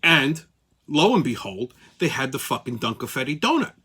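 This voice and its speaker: A man's voice: mid-range voice, very animated, normal speed, sharp tone, slightly rough. A man hosting his own channel, telling a heated, profane story in a casual rant. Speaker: channel host.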